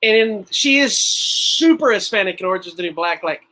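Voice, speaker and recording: A man's voice: high voice, expressive, normal speed, sharp tone, rough recording. A man co-hosting a podcast, rambling through a casual movie review and laughing often. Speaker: podcast co-host.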